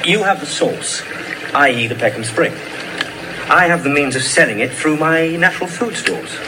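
An actor playing a sarcastic, exasperated younger brother, in a sitcom clip with background noise. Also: male voice, a little high, expressive, moderate pace, natural voice. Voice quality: sarcastic, condescending.

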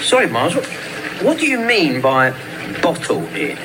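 Wheedling market trader, lively up-and-down voice, noisy TV clip. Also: male voice, on the high side, normal speed. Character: scheming cheerful London market trader man. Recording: TV clip with background noise.

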